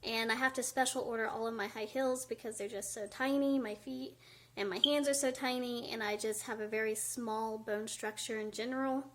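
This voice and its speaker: A woman chats candidly to her camera at home, her voice pitched a little high. She sounds slightly out of breath and fills her talk with casual "um"s. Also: fairly even intonation, moderate pace, fairly bright tone, a little hiss or hum. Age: 20s. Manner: chatty, candid, many fillers. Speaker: vlogger. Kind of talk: casual talking-head vlog. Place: indoors by a window at home.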